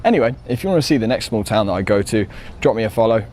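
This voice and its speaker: A man's voice: on the low side, expressive, very fast, a little mellow, slight background noise. A man from Britain vlogging his travels, chatty and curious, outdoors on a small-town street. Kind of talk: travel vlog narration.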